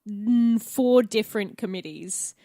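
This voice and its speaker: A woman's voice: mid-range voice, measured pace, warm tone, no room sound, clean studio sound. A young Australian woman co-hosting a podcast, chatting casually and enthusiastically and swearing often. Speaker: podcast co-host. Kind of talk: casual chat.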